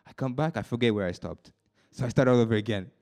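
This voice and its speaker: Talking fast, a young preacher works through a sermon for a youth group. He swings from soft confidences to high, thrilled bursts, repeating words and restarting sentences often.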